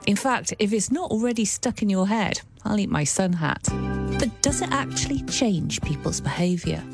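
A woman presenting a radio documentary in brisk, lightly playful scripted narration, sometimes asking her guest questions. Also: medium pitch, expressive, creaky, music in the background.

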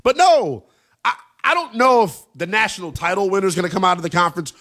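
A man hosting a late-night college football radio show, talking in an animated, emphatic way with plenty of slang. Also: high-pitched, very fast. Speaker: sports radio host.

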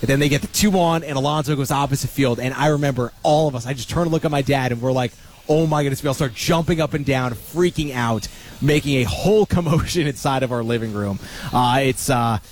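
Enthusiastic young sports radio co-host. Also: male voice, medium pitch, brisk, slight background noise. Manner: enthusiastic, emphatic retelling. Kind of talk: casual sports talk.

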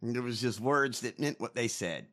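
A man's voice: medium pitch, lively intonation, moderate pace, a bit bright. A man co-hosting a casual political chat, ranting and mocking with lots of swearing. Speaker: podcast co-host.

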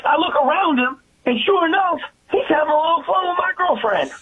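High-voiced caller on a tinny phone line. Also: female voice, a little fast. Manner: animated storyteller, acts out voices. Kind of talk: telling a funny story on air.

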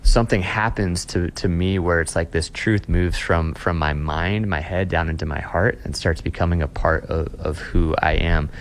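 A man's voice: low-pitched, normal speed, hardly any pauses, a little hiss or hum. A pastor talking earnestly in a casual interview, often repeating words as he restarts a thought. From Austin, Texas.

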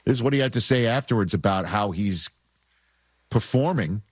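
A sports radio host with a New York accent and a low, slightly husky voice. He talks with lively swings in pitch and drives his arguments home by repeating them. The sound is dry and close, in a studio. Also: moderate pace, dry recording. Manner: emphatic, repeats points for effect. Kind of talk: sports talk radio banter.

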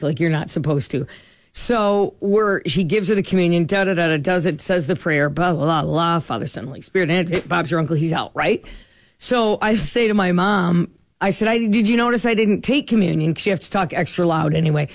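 A middle-aged woman spins a story in an animated, chatty way, slipping into the voices of the people she quotes. The sound is close and dry, with no room around her. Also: lowish voice, brisk, no echo. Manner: animated, acts out quoted dialogue. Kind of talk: casual storytelling chat.

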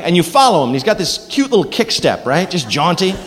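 A man doing a stand-up comedy set, animated and bursting into silly character voices. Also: a little high, brisk. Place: comedy club stage, live audience. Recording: live club with reverb and background noise.

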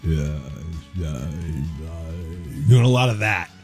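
A gruff male movie star speaks in a low, slurred drawl, deep and slow, put on by a male talk show host. Faint music plays under it in a studio. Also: expressive, a little mellow, heavily acted. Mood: mumbling.

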